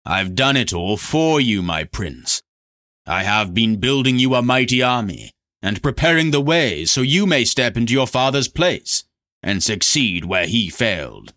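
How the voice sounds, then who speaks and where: A man's voice: medium pitch, sing-song, a little slow, bright, forceful tone, pitched above the performer's own voice. A man voicing a scheming male black sorcerer who speaks in a smug, purring, mocking way. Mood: persuasive.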